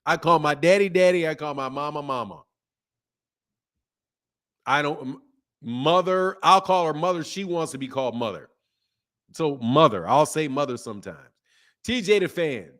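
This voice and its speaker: Casting note: slangy, emphatic male stream host, slightly higher-pitched, laughing and riffing loosely. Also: animated, moderate pace, pauses often, a bit bright. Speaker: boxing channel host. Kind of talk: casual live-stream chat reading viewer comments.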